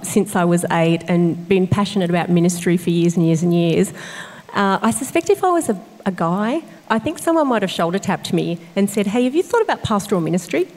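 A woman pastor reflects earnestly on her calling, often pausing with fillers and restarting her sentences. Her voice sits at a middle pitch. The room rings with a long hall reverb. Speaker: associate pastor. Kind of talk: conversational interview.

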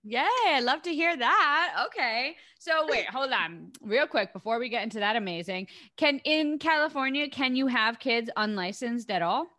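A woman hosting a podcast, enthusiastic and quick with friendly reactions. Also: on the high side, lively intonation, pushed and bright. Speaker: podcast host. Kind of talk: casual interview chat.

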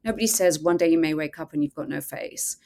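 A woman's voice: sits low, quick pace, mellow. Earnest woman telling her story. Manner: earnest, candid, slips into quoting herself. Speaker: guest. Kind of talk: emotional storytelling in a podcast interview.

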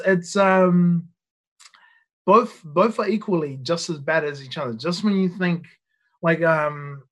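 A man's voice: on the high side, a bit bright. A man, a nightclub bouncer guesting on a podcast and telling stories in a loose, rambling way, swearing often and restarting his sentences. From New Zealand. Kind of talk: casual storytelling.

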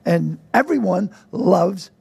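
Gravelly, raspy man. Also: sits high, slow. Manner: animated, joking banter. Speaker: guest co-host. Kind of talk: casual interview chat.

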